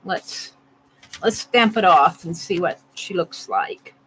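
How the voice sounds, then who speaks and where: A woman's voice: lowish voice, takes it slowly, a bit bright, slightly rough, low-quality recording. A woman narrating casually as she carves a stamp, thinking aloud and laughing at herself. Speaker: art vlogger. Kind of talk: casual narration while crafting.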